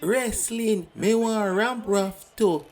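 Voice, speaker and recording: Cartoon: performer as a slow, sly, unruly Jamaican kid. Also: medium pitch, a little mellow, close to an everyday voice. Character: unruly young boy, cheeky.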